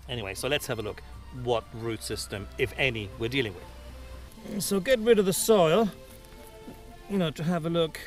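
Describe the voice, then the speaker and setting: A man's voice: mid-range voice, normal speed, long pauses, soft background music. A man hosting a gardening video outdoors in his garden, chatting casually through a how-to with self-mocking asides.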